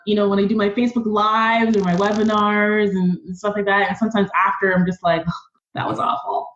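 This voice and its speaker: A woman being interviewed on a podcast who talks in an earnest, animated, conversational way. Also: medium pitch, echoey room, dull audio. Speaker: podcast guest.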